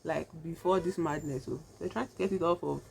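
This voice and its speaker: Woman vlogger, kinda low voice, rambling on with lots of "like", doing makeup as she talks. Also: brisk, creaky, a little mellow, a little hiss or hum. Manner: chatty, rambling, heavy use of "like" and "you know"; doing her makeup while talking. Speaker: vlogger reviewing a horror film. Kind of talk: casual chat.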